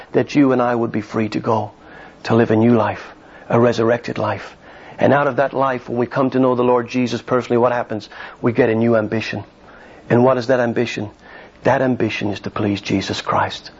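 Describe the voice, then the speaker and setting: A man's voice: medium pitch, little pitch movement, normal speed, darkish tone. A man preaching an evangelistic sermon, telling stories and asking the congregation rhetorical questions. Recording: dull lo-fi sermon recording.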